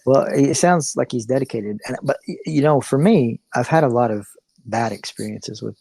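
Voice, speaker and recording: A man's voice: medium pitch, moderate pace, vocal fry, warm tone, husky, dry recording, poor audio. A man co-hosting a podcast in casual chat, rambling through a story with fillers and restarts. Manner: rambling, many fillers and restarts, mild laughs. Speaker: podcast co-host.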